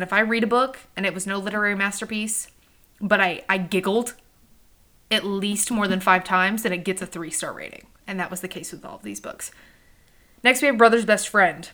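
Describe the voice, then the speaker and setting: A woman's voice: medium pitch, fairly bright tone. A young woman talks through book recommendations in a loose, conversational way, with an ordinary mid-range voice. She is candid and cheerfully profane, addressing her listeners directly. The recording is a simple home setup. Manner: candid and chatty, swears freely, talks to listeners. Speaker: podcast host. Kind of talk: casual book-review chat. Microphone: home recording by a front window.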